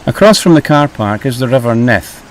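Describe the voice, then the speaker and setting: A man's voice: medium pitch, expressive, moderate pace, a little hiss or hum. A middle-aged man hosting a travel vlog, easygoing and a little hesitant, over faint music. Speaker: vlog host.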